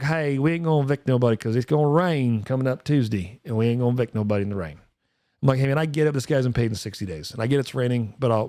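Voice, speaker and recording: A man in his forties talks investing in quick, emphatic bursts, pressing his points with a steady middle pitch. The sound is close and dry, with no room around it. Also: dry recording. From rural United States. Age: 40s. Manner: fast, emphatic, addresses co-host directly. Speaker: podcast host. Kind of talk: casual investing talk.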